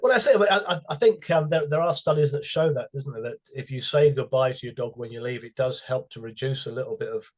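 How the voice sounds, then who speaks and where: A man's voice: medium pitch, fast talker, few pauses. Amused man telling client anecdotes. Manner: storytelling, amused, laughs at his own anecdotes. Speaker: dog behaviour professional. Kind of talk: casual conversational chat.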